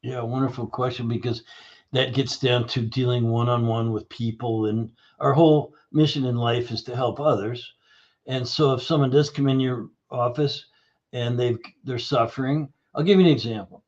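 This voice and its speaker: A man telling a clinic story on a podcast, acting out the lines of the people in it. His voice sits at a middle pitch, and the recording sounds a bit dull and lo-fi. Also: moderate pace. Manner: animated storyteller acting out dialogue. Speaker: guest, nutrition practitioner. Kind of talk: storytelling interview answer.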